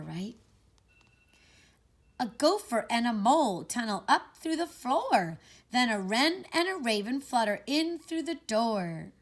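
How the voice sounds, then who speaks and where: A woman teacher reading a picture book aloud to kindergarten children. She reads expressively and stops to ask them questions. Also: a little high.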